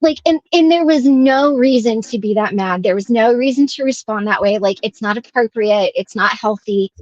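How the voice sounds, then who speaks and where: A woman co-hosting a casual chat show, telling a story with animation and acting out quotes in a higher voice. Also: moderate pace, no echo, muffled recording. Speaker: co-host.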